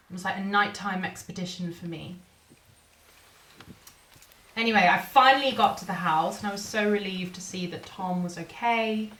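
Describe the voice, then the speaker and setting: An actress playing a young wife who records a shaken video message to her mother, speaking softly and haltingly. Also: medium pitch, lightly acted, poor audio. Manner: soft, hesitant, halting delivery with quiet dips. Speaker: actor in a short film. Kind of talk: dramatic monologue as a video message.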